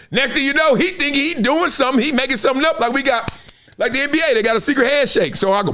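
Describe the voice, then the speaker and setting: A middle-aged man from Compton, hosting a livestream and telling stories in slangy, animated talk. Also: very high-pitched, very fast. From Compton, Los Angeles. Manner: storytelling, slangy, acts out others' voices. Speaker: host.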